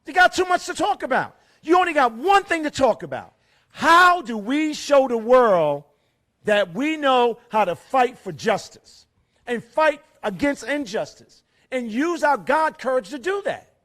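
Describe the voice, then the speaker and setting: A middle-aged man gives an impassioned rally speech at a fairgrounds event, hammering rhetorical questions and swinging between loud and hushed. His very high voice is sing-song and unhurried.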